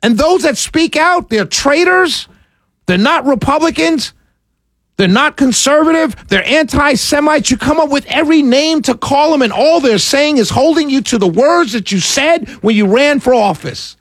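A man rants on his political talk radio show, passionate and quick to raise his voice, with sarcastic asides. His voice sits very high with a gravelly edge. The sound is dry and close, with the studio mic right in front of him. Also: animated, a bit bright, dry recording.

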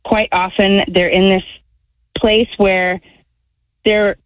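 A woman calling in to a radio show, chatty but halting as she talks. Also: mid-range voice, flat delivery. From Northport. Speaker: caller. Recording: tinny phone line.

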